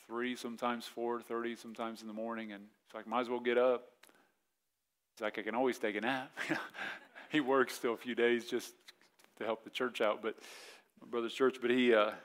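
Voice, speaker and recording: A male pastor in his forties delivers a sermon in a loose, conversational way. His voice sits at an ordinary middle pitch. He keeps slipping into short voiced asides. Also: a bit bright. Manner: conversational preaching, acts out quick voiced asides.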